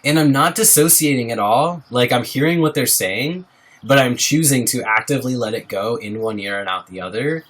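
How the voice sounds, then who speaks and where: Casually chatting on his livestream, a young host reads out viewers' names and speaks to them in an earnest, supportive way. His voice is mid-range and fairly bright, at a moderate pace.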